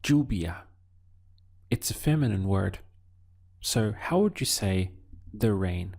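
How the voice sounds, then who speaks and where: A man teaching a Spanish lesson, speaking deliberately and pausing so the learner can answer. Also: fairly low pitch, lively intonation, gravelly, darkish tone. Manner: slow, deliberate teaching with pauses for learner practice. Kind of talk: video language lesson.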